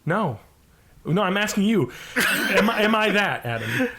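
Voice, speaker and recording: A fairly high-voiced man riffing on a podcast, rambling from one joke to the next. He swears casually and keeps things loose and chatty. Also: sing-song, unhurried, very noisy. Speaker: podcast co-host. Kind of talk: casual chat.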